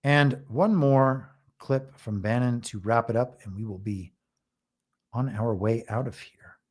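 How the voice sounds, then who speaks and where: A man's voice: medium pitch, a little mellow. Man giving political commentary. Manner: measured, reads news items aloud and comments. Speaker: podcast host and moderator.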